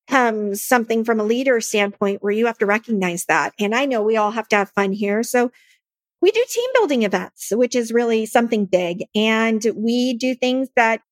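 A bubbly woman in her thirties talks earnestly and with feeling as a podcast guest. Her voice sits on the high side. The sound is dry and close. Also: dry recording. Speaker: nonprofit founder, podcast guest. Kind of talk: casual interview chat.

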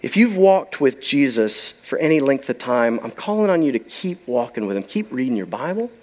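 A man's voice: mid-range voice, very animated, normal speed, darkish tone. A man preaching a sermon, telling a story with emphasis and letting key lines trail off to a near-whisper. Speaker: pastor.

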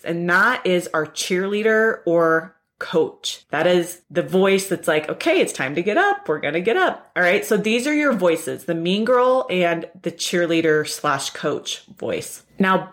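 A woman with a somewhat low voice hosts a self-help podcast on her own. She talks earnestly and leans on repeated rhetorical questions to drive her points home. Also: expressive, a little slow, hardly any pauses, fairly bright tone. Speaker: podcast host.

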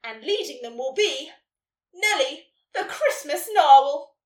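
A woman voicing a big, jolly old male panda Santa who booms his lines. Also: lively intonation, a little slow. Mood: booming jolly. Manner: booming, hearty. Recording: roomy echo, distant mic.

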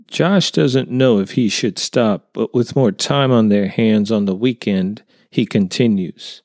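A man narrating a short story in a calm, measured way. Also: on the low side, no echo, clean studio sound.

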